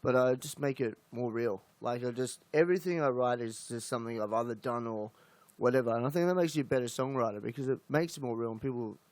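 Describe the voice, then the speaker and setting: A man's voice: medium pitch, quick pace, darkish tone, no echo. A man with an Australian accent and a nasal voice, hosting a casual chat in a laid-back, blunt way.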